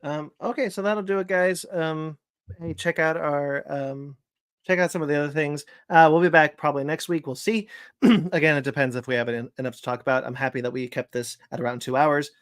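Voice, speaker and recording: A man's voice: a little high, fairly even intonation, fairly quick, a bit bright, clean tone, dry recording, studio quality. A man hosting a podcast, casually wrapping up the show with plugs and thanks, full of ums and uhs. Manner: rambling, lots of fillers while reading out plugs. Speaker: podcast host. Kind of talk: casual podcast chat and sign-off.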